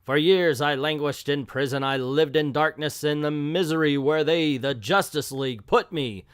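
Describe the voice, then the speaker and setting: A man's voice: mid-range voice, lively intonation, unhurried, clean tone, no echo, studio quality, lightly acted. A man voicing a brooding, self-pitying male telepath villain from a comic, reading his lines theatrically in a put-on accent. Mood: brooding, melodramatic.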